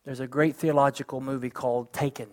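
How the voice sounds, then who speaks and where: A man's voice: medium pitch, level tone, quick pace, darkish tone. A man preaching a sermon as pastor, building intensity toward emphatic points.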